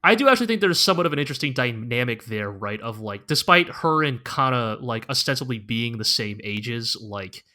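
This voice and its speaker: A man's voice: medium pitch, lively intonation, brisk, hardly any pauses, bright, forceful tone. A man co-hosting a podcast in casual chat, talking loosely with lots of filler words and tag questions. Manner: loose and rambling, lots of "like" and "right?". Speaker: podcast co-host.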